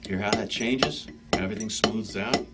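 A man teaching drum stick technique in a relaxed, conversational way, talking straight to his students between demonstrations. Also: on the low side, normal speed. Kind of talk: instructional demonstration. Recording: practice pad clicks and noise behind.

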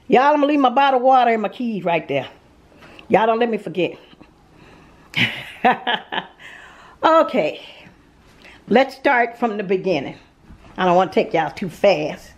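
A Southern American woman giving a chatty home-tour vlog, talking straight to her viewers with frequent laughs, filmed on a handheld camera inside a show home. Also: medium pitch. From Mississippi, USA. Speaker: vlogger. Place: indoors in show manufactured homes. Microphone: handheld phone camera, later a small tripod.

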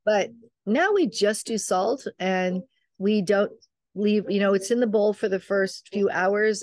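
A woman's voice: fairly low pitch, darkish tone, no echo. Older woman telling stories in a dry room. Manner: chatty, rambling, acts out quoted family members. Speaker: midwife and author, guest. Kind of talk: casual storytelling conversation.

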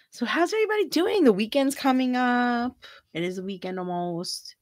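A woman's voice: fairly high pitch, darkish tone, dry recording, clean studio sound. Giggly woman hosting a tarot livestream. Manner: giggly, reads viewer comments aloud, chatty and affectionate. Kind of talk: casual livestream chat.

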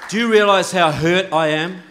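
A man speaking at a conference, delivering a speech with sarcastic mock-indignation and deadpan complaint. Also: high voice, normal speed, a faint crowd.

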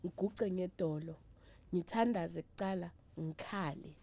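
A woman's voice: fairly low pitch, unhurried, dark tone, no room sound. A middle-aged woman with a South African accent, a traditional healer talking candidly in an interview, emphatic and emotional. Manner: mixes English with Zulu and Sotho, emphatic and emotional.

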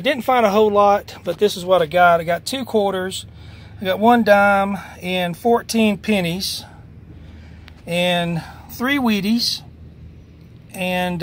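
A man's voice: high voice, slow pace. A man chatting folksily while metal detecting outdoors, winded and overheated, with lots of fillers. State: out of breath and overheated. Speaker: metal detecting vlogger and preacher. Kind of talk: casual outdoor vlog narration. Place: outdoors in a church back lot. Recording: faint outdoor background noise.

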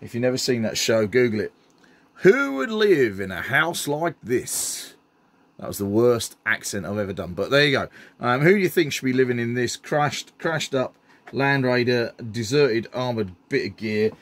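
A man's voice: mid-range voice, a little fast. A middle-aged man, chatting enthusiastically while showing off his hobby builds, with frequent ums. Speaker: scenery builder. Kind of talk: casual hobby show-and-tell.

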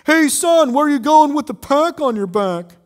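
A man voicing a jeering older heckler mocking a child, loud and high-pitched. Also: animated, moderate pace.

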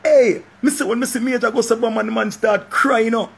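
A man's voice: very high voice, brisk, gravelly, breathy edge. A man with a Jamaican accent giving casual, profane commentary. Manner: animated, repetitive, profane. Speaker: vlogger.

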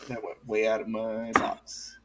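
A man's voice: on the low side, wildly swooping pitch, a little slow. A man playing a tabletop role-playing game, talking it through in a casual, deliberating way. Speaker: player. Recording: noisy mic with clicks.

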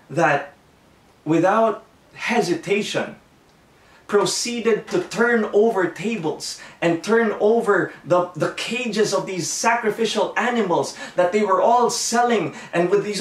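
A man's voice: high voice, recorded from a distance. A man preaching a sermon in an earnest way, often restarting his phrases, recorded at home. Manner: earnest, self-correcting preaching with many restarts. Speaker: pastor. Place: home room. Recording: echoey room, voice a bit off-mic.

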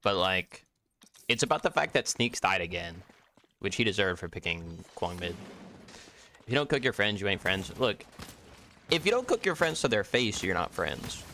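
A young man talks through his match for his stream in a loose, profane, joking way. His voice is lower-pitched but swings widely and sounds bright. A faint hiss sits under the mic. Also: sing-song, moderate pace, long pauses. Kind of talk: casual gameplay commentary.

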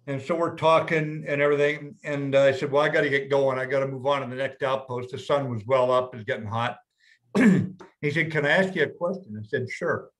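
An older American man telling a measured, plainspoken story as guest speaker, with frequent restarts. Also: medium pitch, fairly bright tone. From United States. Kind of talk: storytelling talk.

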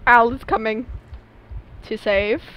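Speaking slowly in a clear, resonant, slightly high voice, a young woman streams a game and jokes around with her chat in an animated, casual way. Faint game music plays in the background.

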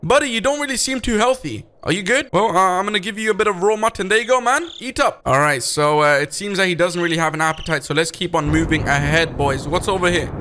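A young man hosting a gaming video, giving excitable, jumpy gameplay commentary and talking to his viewers. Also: sits high, fast, hardly any pauses, a little hiss or hum.

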